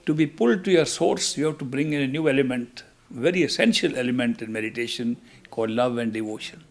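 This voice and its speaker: An older man giving a spiritual talk, guiding a meditation in a measured, emphatic way with long pauses. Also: medium pitch, animated. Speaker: spiritual teacher.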